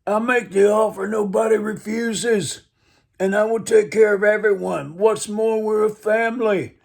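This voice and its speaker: Man putting on a high, pushy mafia boss. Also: fairly even intonation, measured pace, gravelly. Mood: menacing boss. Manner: mock-Mafia boss impression, domineering. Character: hard commander posing as a male mafia boss.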